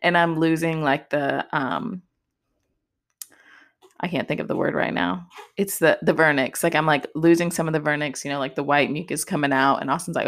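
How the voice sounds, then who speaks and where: A woman's voice: low-pitched, normal speed. A young woman telling a personal story on a podcast in a casual, chatty way, full of "like" and "just". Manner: chatty, heavy use of "like" and "just". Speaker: podcast host.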